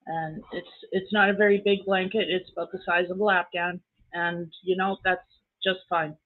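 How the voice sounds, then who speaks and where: A woman's voice: fairly low pitch, flat delivery, normal speed. A Canadian woman hosting a casual live stream, chatting and greeting viewers by name. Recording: tinny phone-like audio.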